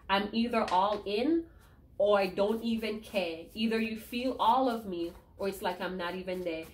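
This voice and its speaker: Woman, tarot reader, emphatic, emotional, repeats herself, medium pitch. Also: darkish tone, a little hiss or hum. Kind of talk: tarot reading to viewers.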